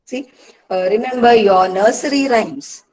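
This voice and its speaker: A woman with an Indian English accent giving a patient lecture to students, often pausing with "uh" and "see" and repeating key points. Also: on the low side, a little mellow, low-quality recording. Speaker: English literature teacher. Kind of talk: online lecture on poetic meter.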